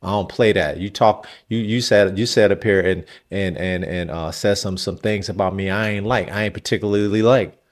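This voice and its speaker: A man's voice: fairly low pitch, moderate pace, few pauses, natural voice. A man doing a tough, scolding woman politician. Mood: defiant. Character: brash streetwise woman politician holding grudges.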